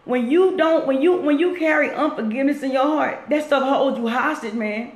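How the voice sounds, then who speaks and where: Earnest, repetitive woman motivating live viewers; slightly high, echoey room. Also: moderate pace. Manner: earnest and preachy, repeats herself. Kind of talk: casual live-stream talk. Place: at work, roomy space.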